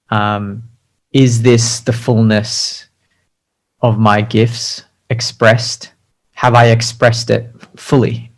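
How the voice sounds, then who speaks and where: A man's voice: on the low side, low-quality recording. Chatty man telling his story. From Australia. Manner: chatty, filler-heavy, self-deprecating. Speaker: interview guest, designer. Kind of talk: casual storytelling interview.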